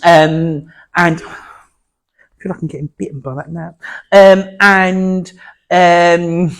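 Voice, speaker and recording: A man working as a medium before an audience at a spiritualist centre, talking in a chatty, halting way full of fillers and restarts. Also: sits high, flat delivery, gravelly. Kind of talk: platform mediumship demonstration.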